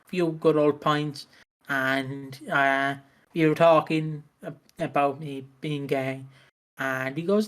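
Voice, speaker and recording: A man's voice: a little high, steady tone, slow pace, a bit bright. A man co-hosting a podcast, chatting casually, laughing often and swearing freely. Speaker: podcast co-host.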